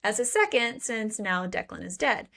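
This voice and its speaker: A woman's voice: mid-range voice, expressive, normal speed, vocal fry, a bit bright. A woman co-hosting a podcast, recapping a book in casual chat with playful swearing and mock quotes. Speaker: podcast co-host.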